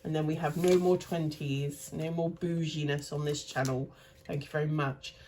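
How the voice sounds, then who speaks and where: Here a cash stuffing vlogger in her thirties talks casually as she budgets, sorting bills into envelopes in a chatty, rambling, self-correcting way. Her low, mellow voice has fairly even intonation and normal speed, with a little hiss or hum.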